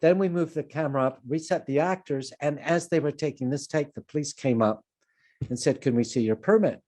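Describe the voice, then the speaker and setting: A man's voice: fairly high pitch, brisk, a little mellow. An older man from Canada giving an online conference talk on filmmaking, telling anecdotes in a digressive, self-deprecating way over a video call. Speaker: film producer and lecturer.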